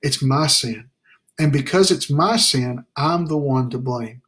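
A middle-aged man, a pastor, preaching an earnest, plain-spoken Bible study sermon, slowing down to stress key phrases. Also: medium pitch, a bit bright. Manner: restarts and fillers, plain spoken.

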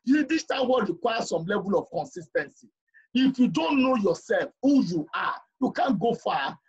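Man, high husky voice, emphatic class lecturer who keeps checking understanding; muffled lo-fi sound. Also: lively intonation, normal speed. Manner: emphatic, repeats points, asks the class questions.

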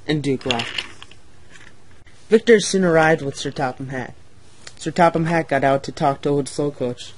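A man narrating a homemade toy-train story in a plain, slightly hurried reading voice. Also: a little high.

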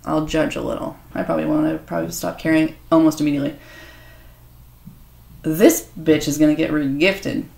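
A woman's voice: low voice, vocal fry, slight background noise. A woman host swearing and joking crudely in a casual unboxing vlog. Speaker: author and video host. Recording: echoey room.

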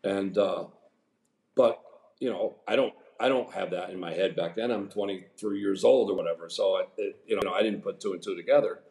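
A man in his sixties, a former pro golfer, telling rambling, animated anecdotes as a podcast guest. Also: deep voice, fairly quick, vocal fry. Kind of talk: casual storytelling interview. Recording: echoey room.

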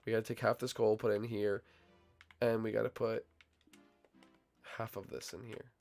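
A young man casually commenting on his gameplay, bantering and teasing his teammates, his voice still a little hoarse as it recovers. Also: fairly low pitch, flat delivery, normal speed, a little mellow, faint music behind. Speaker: gaming channel host.

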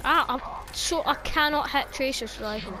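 A woman's voice: high voice, moderate pace, bright, forceful tone, slight background noise. A young woman commentating her own gameplay, exclaiming and swearing at the game and grumbling about lag. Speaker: gaming video creator.

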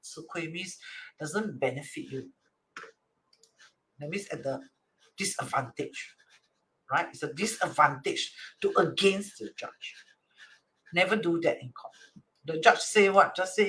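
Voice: medium pitch, animated, slow pace, pauses often, pushed and bright. A teacher with a Singaporean English accent, explaining a divination chart reading, acting out quoted dialogue, slipping in Chinese and Hokkien words, and often checking in with "right?".

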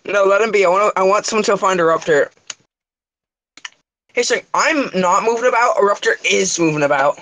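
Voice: mid-range voice, normal speed, long pauses, a bit bright. A player in a casual gaming chat who swears a lot, laughs often and exclaims at the others.

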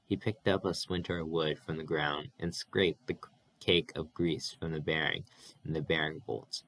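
A man's voice: rumbling low, steady tone, moderate pace, fairly bright tone. A man reading a novel aloud as narrator, with occasional restarts and fillers. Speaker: audiobook reader.

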